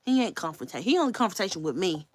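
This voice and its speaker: A woman's voice: medium pitch, big pitch swings, quick pace, background noise. A woman hosting a casual livestream, chatting candidly with her viewers and swearing freely. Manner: talks straight to viewers. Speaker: livestream host.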